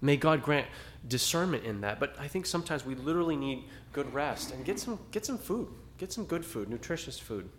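A man's voice: fairly high pitch, very animated, fairly quick, slight background noise. A man preaching a sermon to a small congregation in a conversational style, rising to dramatic emphasis at times. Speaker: pastor.

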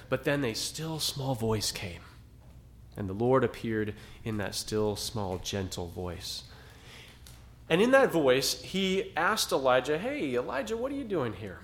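A man's voice: medium pitch, a bit bright. A man preaching a sermon to a small congregation in a conversational style, rising to dramatic emphasis at times. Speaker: pastor.

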